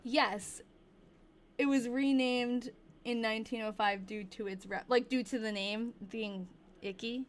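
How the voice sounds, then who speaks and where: A young woman hosting a casual livestream, chatting and slowly reading diary entries aloud, laughing often. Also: on the high side, fairly even intonation.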